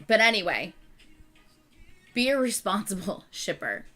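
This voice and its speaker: A woman hosting her channel, chatting casually with viewers in an animated, exasperated rant. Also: medium pitch, unhurried, soft background music. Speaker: channel host.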